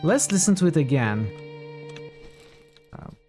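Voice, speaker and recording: A game streamer talking casually over play, with a mid-pitched voice that moves lively up and down. The talk wanders between working out clues aloud and replying to chat, with soft game music faint behind. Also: slow pace. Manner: chatty, thinks aloud and answers chat. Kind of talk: casual gameplay commentary.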